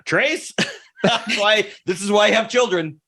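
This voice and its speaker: A man's voice: high-pitched, moderate pace, bright, forceful tone. A man co-hosting a podcast, chiming in with playful, teasing remarks and laughter in casual chat. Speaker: podcast co-host.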